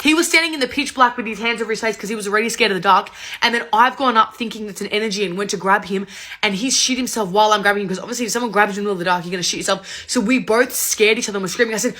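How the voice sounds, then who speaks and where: A woman, rapidly and animatedly retelling a story in a casual, swearing, rambling way. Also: mid-range voice, pushed and bright.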